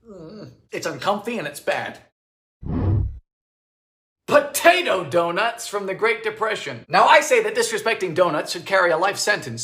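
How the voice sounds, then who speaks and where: A man narrating a comic cooking vlog about vintage recipes, making dry deadpan jokes and breaking into sudden shouts. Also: high-pitched. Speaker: home baker trying vintage recipes. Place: home kitchen.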